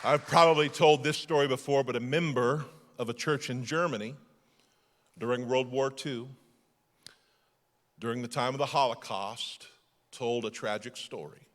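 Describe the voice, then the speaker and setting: A male lead pastor preaching a sermon emphatically, moving between loud declarations and hushed passages. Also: medium pitch, normal speed, pauses often, big-room sound. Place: church sanctuary.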